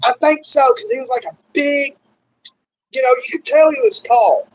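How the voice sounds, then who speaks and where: This show host is a young adult from Kentucky who talks with a Southern accent and a very high-pitched voice at a moderate pace. He runs a casual interview, rambling freely with lots of "like" and "y'all," and the recording quality is low.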